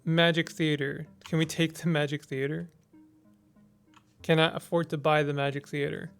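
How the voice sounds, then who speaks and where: Smooth-voiced man narrating a strategy game. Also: fairly high pitch, flat delivery, moderate pace, fairly bright tone, soft background music. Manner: thinking aloud, hesitant with restarts while deciding moves. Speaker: gamer playing a text-based strategy game. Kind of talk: casual let's play commentary, reading game text aloud.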